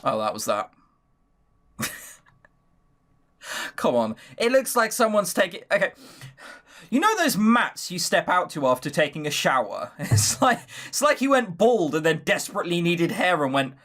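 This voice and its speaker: A man's voice: high-pitched, big pitch swings, normal speed, long pauses, a bit bright. A young man hosting a let's play, reading a visual novel and making sarcastic, jokey comments about it. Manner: sarcastic, jokey, giggles at the story.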